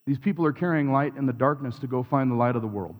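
A man's voice: mid-range voice, fast talker. A man preaching a sermon in a church, reflective and confessional, building his points through repeated phrases. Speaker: pastor. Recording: long reverb of a large hall.

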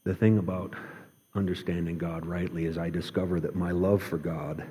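A man preaching a sermon in an earnest way, slowing and dropping his voice for emphasis. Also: low voice, level tone. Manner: earnest, varies pace, drops to quiet emphasis. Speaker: pastor. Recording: long hall reverb.

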